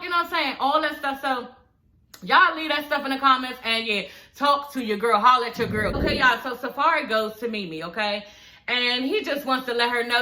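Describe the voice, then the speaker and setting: A woman recapping a reality show for her viewers in a casual, animated, profane way, talking with dental aligners in. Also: on the high side. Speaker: YouTube reality TV reviewer.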